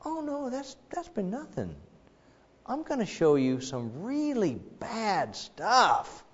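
A man voicing God as a mocking, all-powerful deity, in a drawn-out, sarcastic way. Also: high voice, wildly swooping pitch, slightly rough, voice pushed up, exaggerated voice. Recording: dull echoey hall recording.

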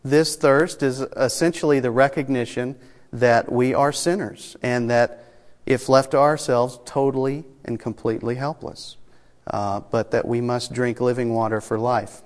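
A man delivers a sermon in an even, mid-range voice, measured and deliberate. He pauses often, fills gaps with a soft "uh", and slows right down to press home key words. His voice rings out with a long reverb, as in a church sanctuary. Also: medium pitch. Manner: measured preaching with pauses and fillers, slowing for emphasis. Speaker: pastor.

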